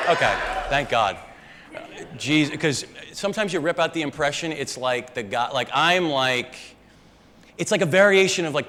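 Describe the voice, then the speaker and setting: A man's voice: mid-range voice, fairly bright tone. A young man doing a live stand-up set, rambling and conversational and swearing often. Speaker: stand-up comedian. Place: live comedy venue with audience. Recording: live room reverb, faint background noise.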